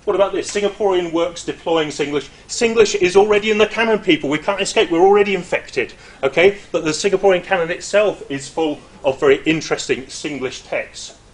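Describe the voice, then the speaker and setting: A middle-aged man, a university lecturer, giving an informal academic presentation in a lively, chatty way with frequent hesitations and asides. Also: high-pitched, brisk, hardly any pauses.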